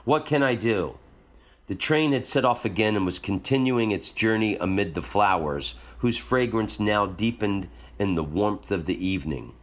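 A man hosting a show, reading a short story aloud in a calm storytelling manner. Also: lowish voice, normal speed, hardly any pauses. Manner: calm storytelling, jokey afterwards. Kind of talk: reading a story aloud, then casual asides.

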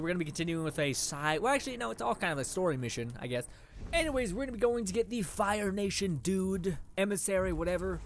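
A young man giving casual, excitable gameplay commentary, swearing a lot and yelling at enemies as he plays. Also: on the high side, slight background noise. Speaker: let's play gamer.

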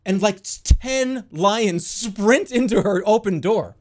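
A young man telling a wild story to his stream in a casual, animated way, swearing freely. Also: high-pitched, takes it slowly. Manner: animated, swears a lot, yells in the quoted bits.

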